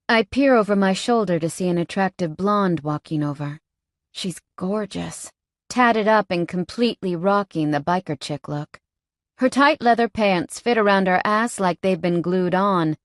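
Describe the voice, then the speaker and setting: A woman's voice: fairly low pitch, normal speed, no echo, clean studio sound. A woman reading a first-person romance novel aloud, with a wry, guarded manner. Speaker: audiobook narrator.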